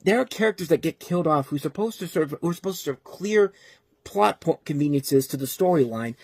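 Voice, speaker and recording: A man's voice: a little high, lively intonation, fairly quick, slightly rough, dry recording. A man giving a casual, exasperated movie review, rambling with frequent restarts. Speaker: film reviewer.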